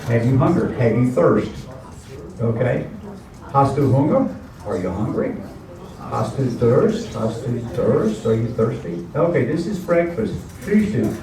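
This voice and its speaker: Guy teaching a class, mellow voice, heard from across a very echoey room. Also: medium pitch, lively intonation, a little slow. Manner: chatty, explains words with asides and repetition. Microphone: camera mic at a distance. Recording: very echoey room, distant camera mic.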